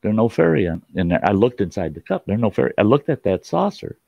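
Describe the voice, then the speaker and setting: A man's voice: on the low side, big pitch swings, fast, creaky, warm tone, slightly rough, dry recording. A man hosting a show, telling a childhood story in a folksy, casual way with frequent laughs. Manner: folksy, laughs often, mild cursing. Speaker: host and storyteller. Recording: dull, lo-fi sound.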